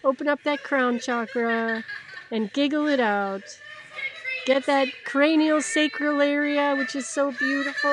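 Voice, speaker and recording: A woman guides a laughter yoga class in a high, unhurried voice, giggling and playful as she coaxes listeners along. Steady background noise runs under her voice. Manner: giggly, playful, encouraging, often breaking into laughter. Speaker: yoga instructor.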